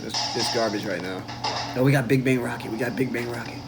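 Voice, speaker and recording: Bossy young man gaming over loud music. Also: medium pitch, a little fast. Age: young adult. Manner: bossy, coaching and complaining. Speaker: gaming channel co-host. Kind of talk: casual sibling gameplay banter.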